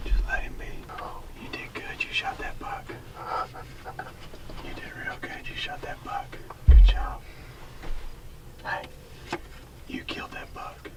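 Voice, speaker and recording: A man announcer reading a scripted product ad in an upbeat sales tone. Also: extremely high pitch. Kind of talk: scripted ad read.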